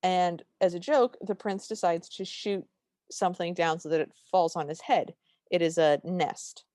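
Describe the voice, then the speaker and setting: Recapping a movie on a relaxed podcast, this woman co-host is chatty and excited, often restarting and using fillers. Her pitch is fairly low, her tone a touch mellow, her delivery a bit slow and fairly level. Studio-quality audio, no room sound.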